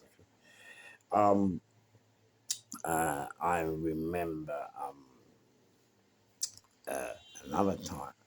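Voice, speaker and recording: A low-pitched middle-aged man from England, with a London accent, is heard over a little hiss or hum. As a storyteller addressing the camera, he tells a casual anecdote and animatedly acts out all the characters' voices.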